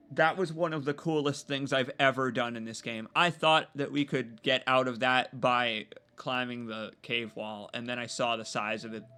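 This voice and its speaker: A young male streamer gives live gameplay commentary with a bright, forward voice. He jokes and reacts excitably, switching between talking to viewers and talking back at the game. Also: mid-range voice, clear, resonant tone. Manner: jokey, excitable, talks to chat and to the game. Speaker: gaming streamer.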